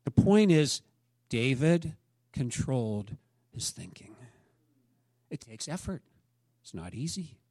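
A middle-aged man preaching a sermon as pastor, rising to emphatic peaks and then dropping soft. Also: medium pitch, big pitch swings, slow pace, long pauses, no room sound.

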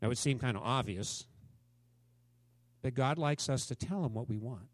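A man's voice: medium pitch, moderate pace, no echo. A man preaching a sermon to his congregation in a conversational way, often asking them questions. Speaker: pastor.

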